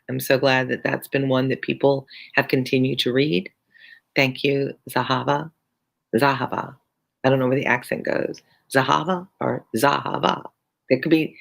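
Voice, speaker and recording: Teacher, gravelly voice, reads a classic novel aloud, chatty asides to viewers. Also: medium pitch, moderate pace, rough recording. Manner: chatty asides between passages.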